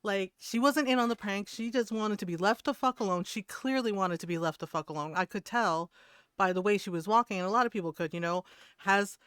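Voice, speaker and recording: A woman streamer telling a story in casual chat, profane and animated, laughing often. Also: mid-range voice, brisk, smooth, no room sound, clean studio sound.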